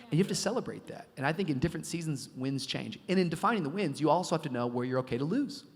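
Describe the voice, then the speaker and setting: Fast-talking, playful pastor. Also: male voice, on the high side. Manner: energetic and playful, acting out quotes. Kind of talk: live panel discussion. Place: conference stage before a live audience. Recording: long reverb of a large hall.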